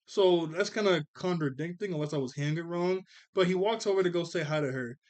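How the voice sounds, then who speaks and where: This man, in his twenties, has a fairly high, darkish voice and speaks a little fast. He reviews a cartoon episode in a laid-back, rambling manner, frequently correcting himself.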